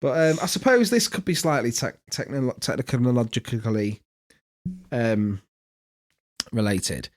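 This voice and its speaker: A man's voice: mid-range voice, expressive, a little slow. Guy on a podcast, swears a lot, laughs through his stories, voice jumps all over. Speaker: podcast co-host. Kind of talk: casual banter, storytelling.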